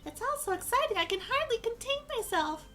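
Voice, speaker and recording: Coy teasing young witness, super high, bouncy sing-song, game music faint underneath. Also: female voice, lively intonation, fairly quick. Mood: excited, scolding. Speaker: streamer voicing game dialogue.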